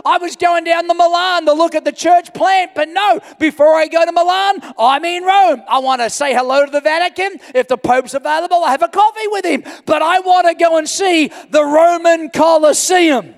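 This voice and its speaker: A man from Australia, a pastor telling an animated story in a sermon and often shouting for emphasis. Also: extremely high pitch, normal speed, gravelly, few pauses. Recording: long hall reverb.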